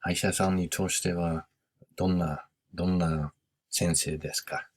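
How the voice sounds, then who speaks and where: Male English teacher with a deep, unhurried delivery, patient and explanatory. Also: level tone. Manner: slow, patient explaining with Japanese glosses. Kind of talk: recorded lesson review.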